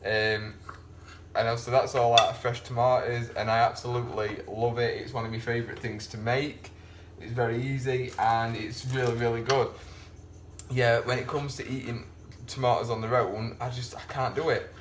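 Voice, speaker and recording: A man's voice: mid-range voice, flat delivery, normal speed, slight background noise. A man chatting casually as he cooks in his home kitchen, rambling and poking fun at himself. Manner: chatty, rambling, self-deprecating. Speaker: home cooking vlogger. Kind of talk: casual cooking commentary.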